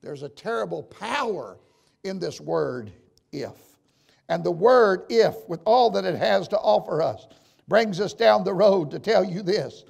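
An older man preaching a sermon and telling stories, dropping to a hush and rising to shouts. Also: high-pitched, vocal fry. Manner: storytelling preacher, swings from hushed to shouting. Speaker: pastor.

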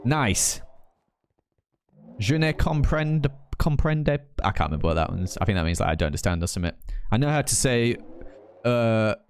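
Late-20s male streamer, northern English accent, rambling casual chat, animated pitch. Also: slight background noise. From northern England. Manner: chatty, rambling, quick to laugh. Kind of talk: casual live-stream chat, reading chat aloud.

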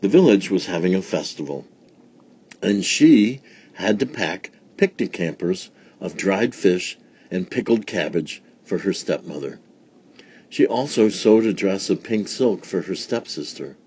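A man reading a children's picture book aloud in a slow, deliberate storytelling manner. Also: low voice, animated, a little mellow, breathy edge. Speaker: storybook reader.

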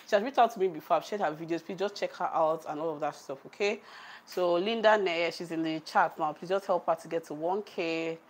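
Recorded by a tripod-mounted camera, this cooking vlogger chats casually through her livestream, reading out viewer comments while she cooks. She has a Nigerian accent, laughs a lot and talks freely, her voice sitting on the low side with a slight roughness.

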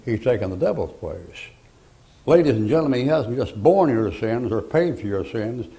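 An older male pastor with a drawl delivers a sermon in a gravelly, rough-edged voice. He spins homespun stories, then suddenly raises his voice to hammer a point home. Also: medium pitch, lively intonation, moderate pace, rough recording. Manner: folksy storytelling with sudden loud emphatic bursts.

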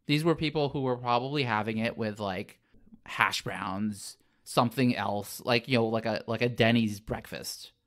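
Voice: mid-range voice, moderate pace, a bit bright. Podcast co-host, casual chat, rambling, fillers, restarts.

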